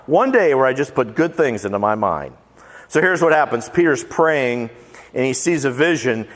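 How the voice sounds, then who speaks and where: A man's voice: mid-range voice, fairly bright tone. A male pastor giving a casual, humorous sermon, folksy and joking, rattling off lists with playful emphasis. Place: church sanctuary. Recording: long church-hall reverb.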